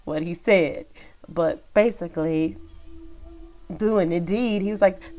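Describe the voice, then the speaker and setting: A woman's voice: fairly low pitch, slow, mellow, faint music behind. A woman telling a personal story to her viewers in a casual, rambling way, with many fillers. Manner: rambling, chatty, lots of fillers. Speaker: vlogger, former rideshare driver.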